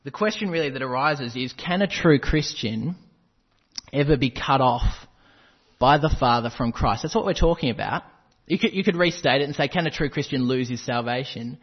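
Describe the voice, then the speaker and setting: A man's voice: medium pitch, moderate pace, husky, dull audio. A man preaching a sermon, quoting scripture and driving points home with emphatic repetition. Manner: emphatic, quotes scripture with rising intensity.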